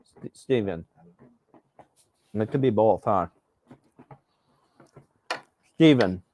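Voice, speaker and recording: A man casually chatting while hosting a live breakfast cooking stream, rambling and relaxed with plenty of fillers. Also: fairly low pitch, brisk, slight background noise. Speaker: host.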